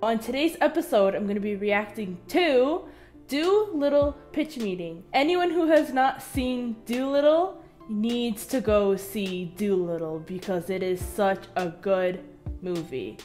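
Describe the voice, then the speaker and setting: A woman's voice: medium pitch, animated, a little slow, darkish tone, faint music behind. A young woman hosting a reaction video, bubbly and enthusiastic in a casual way.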